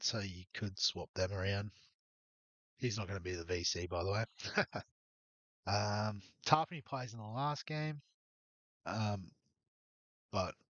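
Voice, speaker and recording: Hiccuping along, a man with a fairly low, slightly bright voice gives a casual walkthrough of his fantasy rugby league team, rambling and hesitant with plenty of ums. He's a fantasy sports YouTuber, and the sound is lo-fi with no echo.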